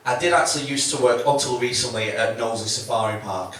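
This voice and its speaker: A man's voice: mid-range voice, quick pace, a bit bright. A man doing a chatty, swearing stand-up set, often acting out quotes. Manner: chatty, swearing, self-mocking, acts out quotes. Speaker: stand-up comedian. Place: comedy club stage. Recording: echoey room, mic from a distance, faint noise.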